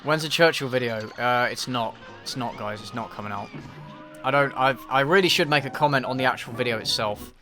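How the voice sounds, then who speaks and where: A man with an English accent chats offhandedly on a live stream, dry and self-deprecating as he answers viewers. His voice has a bright tone at a middling pitch. Faint music plays underneath. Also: a little fast. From England. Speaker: YouTube reviewer streaming a game.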